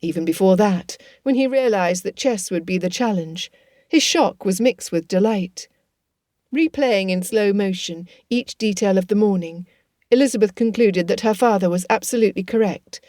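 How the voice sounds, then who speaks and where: Female audiobook narrator, measured and expressive, dry recording. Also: medium pitch, no echo.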